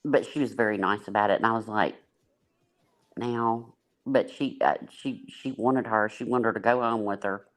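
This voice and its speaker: A woman's voice: very deep voice, fairly even intonation, moderate pace. A woman, hosting a livestream panel and telling blunt, laughing stories. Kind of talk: casual storytelling on a panel.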